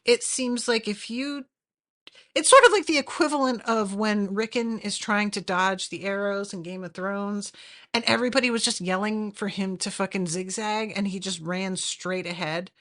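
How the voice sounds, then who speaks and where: A woman's voice: medium pitch, moderate pace, fairly bright tone. A woman hosting a podcast, chatting casually and animatedly with lots of fillers and swearing. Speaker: podcast host. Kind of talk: casual recap chat.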